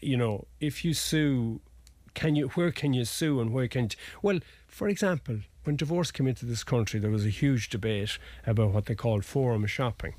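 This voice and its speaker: A man's voice: medium pitch, moderate pace, a little mellow, no room sound. Irish man explaining law, rambling. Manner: rambling, restarts, folksy asides. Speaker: family lawyer guest. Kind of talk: conversational legal explanation.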